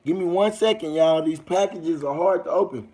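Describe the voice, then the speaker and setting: A man's voice: fairly high pitch, moderate pace, a little mellow. A young man with a Southern US accent, hosting a casual livestream and talking loosely to his viewers in rambling street slang. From United States. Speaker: livestream host.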